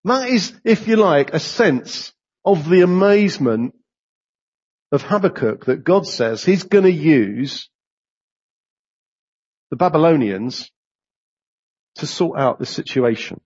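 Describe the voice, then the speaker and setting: Male preacher delivering a sermon: husky, high-pitched, dull lo-fi recording. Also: slow pace, long pauses. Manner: animated, rising sharply when voicing complaints to God.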